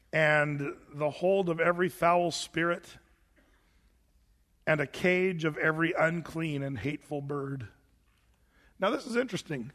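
Chatty high-voiced male pastor. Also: measured pace, fairly bright tone, long reverb tail. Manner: casual, chatty, with many restarts and fillers. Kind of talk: sermon. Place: church sanctuary.

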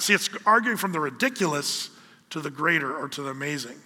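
A man preaching a sermon as pastor, with a lively storytelling manner, acting out the voices of the people. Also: fairly high pitch, fairly quick, husky, in a large hall.

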